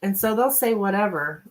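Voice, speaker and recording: A woman's voice: mid-range voice, animated, measured pace, rough recording. A woman reading tarot on a live stream, chatting casually with viewers, laughing often and reading their names aloud. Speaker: tarot reader and livestream host.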